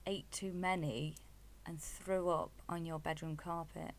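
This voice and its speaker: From her home in Wales, a podcast co-host talks through food and customs in a chatty, teasing way. Her low voice is unhurried and shows little pitch movement.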